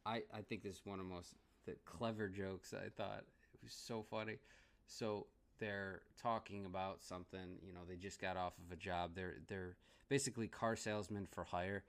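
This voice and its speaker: A man's voice: deep voice, fairly even intonation, normal speed. A man giving a casual movie review, rambling and laughing often as he restarts his sentences.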